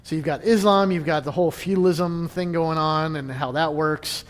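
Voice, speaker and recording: A man's voice: on the high side, fairly even intonation, moderate pace, long reverb tail. A man casually leading a church history class, chatty and joking, with frequent restarts.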